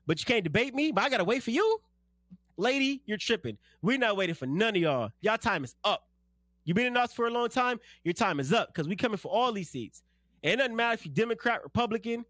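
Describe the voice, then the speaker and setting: A man's voice: sits high, a bit bright, no room sound, studio quality. A man from South Central Los Angeles giving a blunt, slangy, fired-up radio monologue as host and political candidate.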